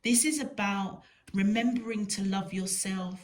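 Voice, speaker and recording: A woman gives a tarot reading straight to her viewers. She talks at an unhurried, drawn-out pace at an ordinary pitch, leaning on words and repeating them for emphasis. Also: steady tone, slight background noise. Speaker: tarot reader. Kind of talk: spiritual tarot reading to camera.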